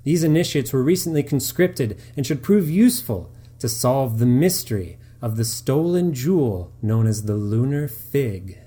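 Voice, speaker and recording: A man voicing a pompous male dungeon master in a cloak who announces the adventure in a grand, booming way. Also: animated, normal speed, few pauses, mellow, lightly acted. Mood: grandiose.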